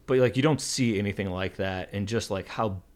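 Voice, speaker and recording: A man's voice: fairly low pitch, normal speed. Rambling, laughing man in casual chat.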